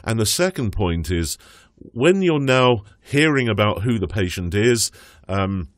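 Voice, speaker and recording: Low-voiced man teaching exam speaking skills. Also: lively intonation, no echo, clean studio sound. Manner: acts out doctor and patient lines in his own voice; measured, instructive, with fillers. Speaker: OET speaking tutor. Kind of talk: exam prep lesson.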